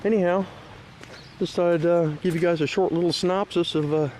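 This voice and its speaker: A man's voice: high voice, fairly even intonation, brisk, darkish tone, slight background noise. A middle-aged man from Washington State rambling through a casual outdoor vlog by a lake, with lots of restarts and fillers, and getting emphatic when he scolds. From Washington State, USA. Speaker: vlogger. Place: outdoors at a lakeside park.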